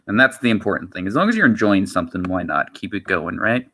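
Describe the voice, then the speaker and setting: A male streamer talks loosely to his viewers, wandering from point to point and repeating himself. His voice sits a bit low, yet it has a bright, forceful edge. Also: big pitch swings, fast, a little hiss or hum. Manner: rambling, repeats himself, many "you know" fillers. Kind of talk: casual livestream chat.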